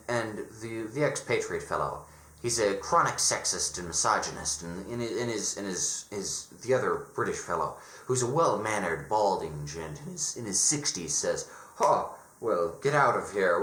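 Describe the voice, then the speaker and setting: A man talks through a casual, opinionated review with plenty of sarcasm. His pitch bounces around expressively, and he keeps stammering and restarting phrases. The sound carries the echo of a bare room. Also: a bit bright. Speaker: horror reviewer.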